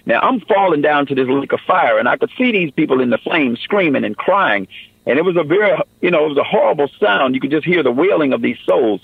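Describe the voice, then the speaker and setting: A man's voice: fairly high pitch, expressive, a little fast, creaky, breathy edge, no echo, narrow, tinny audio. A man giving an earnest personal testimony in a radio interview, often saying "man" and "you know".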